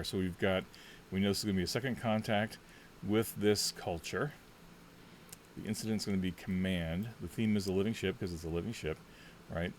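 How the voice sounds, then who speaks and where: A man casually talking through a solo tabletop game, thinking out loud and rambling with lots of fillers. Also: sits low, slight background noise.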